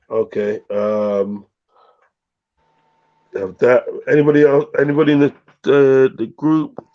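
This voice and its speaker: A man hosting a casual live football predictions stream, slowly reading viewer comments aloud in an easygoing way. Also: mid-range voice, fairly even intonation. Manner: slow, easygoing, reads chat aloud haltingly. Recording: dull lo-fi stream audio.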